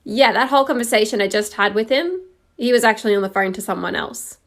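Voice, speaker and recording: A woman's voice: a little high, expressive, fast talker. A married woman retelling a mix-up with her husband in a bemused, detailed way. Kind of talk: casual storytime monologue.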